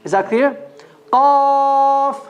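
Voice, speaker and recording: A man's voice: very high-pitched, dull audio. A man teaching Quran reading at a mosque, drilling letter sounds and quizzing his class with short questions. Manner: slow, patient drilling with quiz questions to the class. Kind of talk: call-and-repeat pronunciation lesson.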